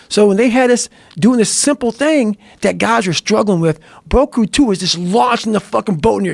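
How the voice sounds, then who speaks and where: An intense man with a fairly high, gravelly voice tells motivational stories as a podcast guest. He talks bluntly and swears nearly nonstop. The sound is close and dry. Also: animated, a little fast, few pauses, no room sound. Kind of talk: profane motivational storytelling.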